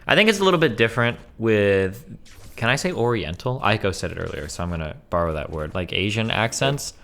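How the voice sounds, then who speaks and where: A man's voice: fairly low pitch, animated, a little fast, gravelly, fairly bright tone. A man streaming, casually debating and teasing his guest with sarcastic, provocative banter.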